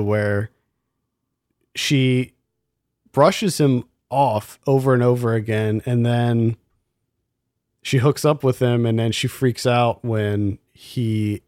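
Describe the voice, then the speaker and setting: A man's voice: medium pitch, darkish tone, no room sound, clean studio sound. A man in a casual film review chat, critical and exasperated, firing off rhetorical questions.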